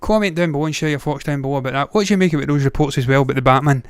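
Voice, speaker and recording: This man runs a movie news livestream, talking rapid-fire in a slightly high voice as he gives blunt, opinionated takes and swears often in casual commentary. The sound is clean, echo-free and studio quality.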